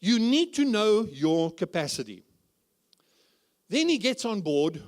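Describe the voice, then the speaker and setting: Speaking slowly in a high, very animated voice, a man preaches as a guest speaker at a church conference. His sermon is humorous and packed with rhetorical questions.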